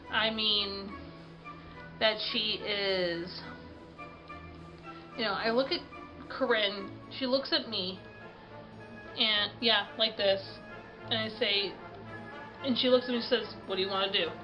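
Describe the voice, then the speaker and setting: Sniffly and worn out, a woman vlogger rambles through a casual story at a medium pitch, dropping in plenty of fillers. The sound is lo-fi.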